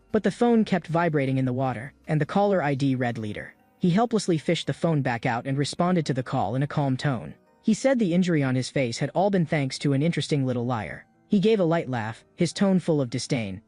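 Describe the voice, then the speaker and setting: A man narrating a comic story recap in an even, polished storytelling manner. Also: fairly high pitch, dry recording. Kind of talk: scripted narration.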